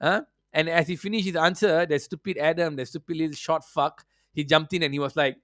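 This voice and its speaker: A man's voice: fairly high pitch, fairly even intonation, fast, fairly bright tone, dry recording, clean studio sound. A man hosting a football podcast, delivering a profane, mocking rant. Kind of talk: ranting football commentary.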